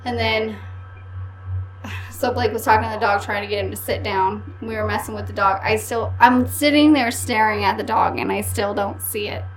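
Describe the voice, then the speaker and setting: A woman's voice: mid-range voice, fairly even intonation, normal speed, poor audio. A young woman co-hosting a casual chat, telling a story bluntly with some swearing. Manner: frank, profane storytelling. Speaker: podcast co-host. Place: room in a house. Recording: music underneath. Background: clear background music.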